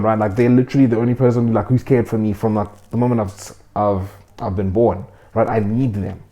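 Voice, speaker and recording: A man's voice: fairly low pitch, fairly even intonation, fairly quick, hardly any pauses, dark tone. A young man hosting a casual, earnest faith talk to his viewers, talking conversationally and acting out the voices he quotes. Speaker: host.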